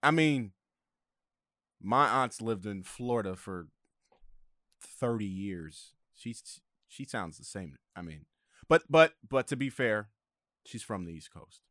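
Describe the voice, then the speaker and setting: A man's voice: lowish voice, animated, slow, pauses often, fairly bright tone, dry recording, studio quality. A man chatting as a guest on a casual podcast, easygoing and hesitant, with many fillers.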